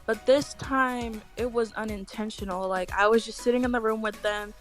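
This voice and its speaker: A woman's voice: fairly high pitch, fairly even intonation, moderate pace, faint music behind. A young woman telling a heated story in casual chat, blunt and profane, acting out what people said. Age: young adult. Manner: blunt, profane, acts out quoted lines.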